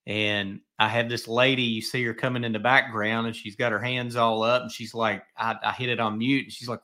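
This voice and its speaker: A man's voice: medium pitch, level tone, brisk, hardly any pauses, bright, forceful tone. A middle-aged man hosting a podcast, telling stories in a rambling, chatty way. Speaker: podcast host. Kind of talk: casual podcast chat.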